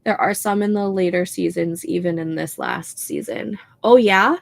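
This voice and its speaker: Her voice on the low side, steady, creaky, and a little mellow, a young woman with a Minnesotan accent chats at a moderate pace. She's a Midwestern host reading chat on a writing livestream, casual and chatty with plenty of "like" and "um," and frequent laughter.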